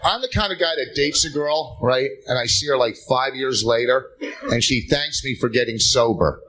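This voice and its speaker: A man's voice: medium pitch, moderate pace, poor audio. A man doing a stand-up routine on a club stage, firing off short jokes and tagging them with "okay?". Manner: punchy jokes tagged with "okay?" and "right?". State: tired. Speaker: stand-up comedian. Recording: live club show, crowd noise. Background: loud laughing audience.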